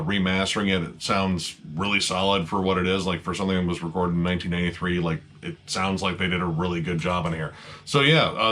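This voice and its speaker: A man reviewing heavy metal albums in a loose, rambling monologue. His voice sits a little low but has a bright, forceful edge. He leans on fillers and swears freely as his enthusiasm builds.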